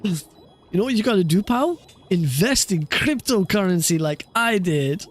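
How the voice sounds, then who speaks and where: A man's voice: high voice, animated, normal speed, soft background music. A man voicing a brash, smug male cartoon coyote hustler with a Mexican accent, talking in a cocky, streetwise way.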